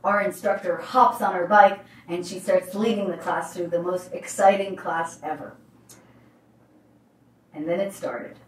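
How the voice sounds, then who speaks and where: A woman who works as a life coach, telling a motivational story in an emphatic, animated way. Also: fairly low pitch, measured pace, slight background noise. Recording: roomy, distant mic.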